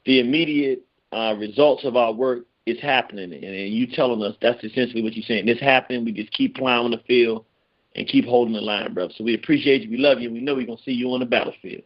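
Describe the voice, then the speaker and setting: A man hosting a call-in radio show, talking animatedly with his callers and telling stories. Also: fast talker. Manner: animated, jumps high in pitch when excited. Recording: dull lo-fi radio sound.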